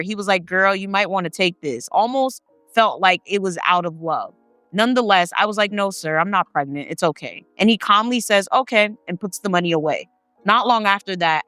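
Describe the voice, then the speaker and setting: A woman reads listeners' stories aloud in a bright, smooth voice and keeps stopping to react in loose, slangy chat. The sound is dry and close, with faint music underneath. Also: on the low side, dry recording. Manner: chatty, slangy asides between read passages. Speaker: host reading viewer stories. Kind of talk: reading stories aloud with casual commentary.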